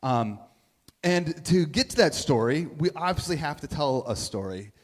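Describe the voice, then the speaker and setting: Middle-aged guy preaching, chatty storyteller, kinda high voice, long hall reverb. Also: expressive, normal speed. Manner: conversational storytelling, asks "right?" often. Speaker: pastor. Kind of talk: sermon.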